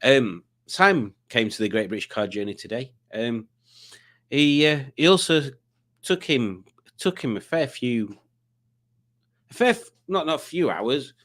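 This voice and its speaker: A man's voice: medium pitch, animated, measured pace, a bit bright. Man, casual livestream quiz host, rambling chat, reads comments out, self-mocking asides.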